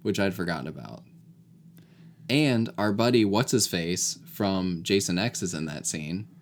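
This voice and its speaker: A man's voice: low-pitched, expressive, unhurried. A man co-hosting a casual podcast chat, talking things through analytically with many hedges. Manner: analytical, hedging with "like". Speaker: podcast co-host.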